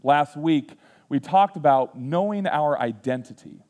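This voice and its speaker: A pastor in his thirties preaches with a somewhat high voice. He tells funny self-deprecating stories and acts out quotes. When he reflects he turns quiet and earnest. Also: expressive, a little slow. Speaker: student ministries pastor. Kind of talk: sermon with personal storytelling.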